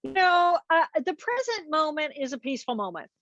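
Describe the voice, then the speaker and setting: Woman interview guest, high and crisp, dull lo-fi call audio, teacherly and earnest. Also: sing-song, brisk, a bit bright, no echo. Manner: earnest, teaching with step-by-step examples. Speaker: guest expert, neuroanatomist. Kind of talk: explanatory interview talk.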